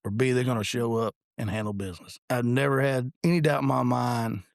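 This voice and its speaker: A man's voice: mid-range voice, steady tone, fairly quick, creaky, no echo, clean studio sound. A man in his forties, a police officer co-hosting a podcast, telling blunt, profane stories in casual chat.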